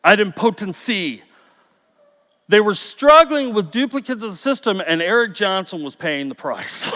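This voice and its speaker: A middle-aged man giving a conference talk, telling stories with jokes in an animated, playful way. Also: extremely high pitch. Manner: storytelling, jokey, animated. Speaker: conference speaker. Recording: reverberant hall.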